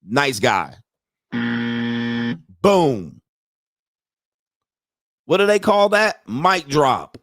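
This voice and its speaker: A man's voice: fairly high pitch, very animated, drawn-out words, long pauses, a bit bright, no room sound. Brash mocking male commentator, dry sound. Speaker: commentary host. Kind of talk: reaction commentary.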